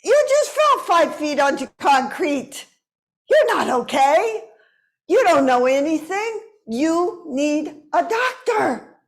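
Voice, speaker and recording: A woman's voice: high voice, very animated, slow, voice pushed up, full character voice. A woman in her seventies voicing her worried old aunt, who insistently scolds her. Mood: scolding. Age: 70s.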